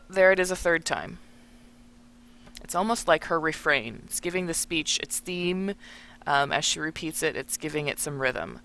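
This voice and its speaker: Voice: mid-range voice, gravelly, sharp tone. A teacher walking through a text in a recorded lesson, explaining and thinking aloud while annotating it.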